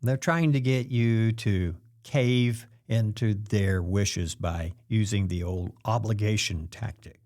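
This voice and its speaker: A man hosting a self-help talk, explaining things in a calm way and acting out the quoted pressure lines. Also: lowish voice, slow, few pauses. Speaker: host.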